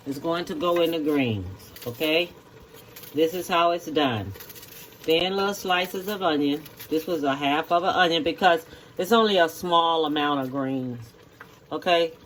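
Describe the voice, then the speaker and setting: Slow-talking home cook. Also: medium pitch, fairly bright tone, a little hiss or hum. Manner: slow, repetitive instructions, checking in with "okay?". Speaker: home cook hosting a cooking video. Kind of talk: cooking demonstration.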